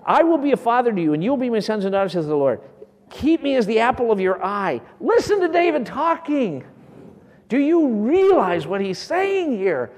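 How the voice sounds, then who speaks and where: A man's voice: high voice, huge pitch swings, normal speed. Impassioned male preacher in a reverberant hall. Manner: impassioned, swings from loud bursts to near whispers. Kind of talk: sermon.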